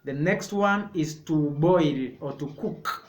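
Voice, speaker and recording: A man leads a sign language lesson in a slightly raised voice. He talks very slowly, repeating each word as he explains. The echoey room gives his voice a hollow ring. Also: a little high. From Kenya. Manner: slow, repetitive, explaining step by step.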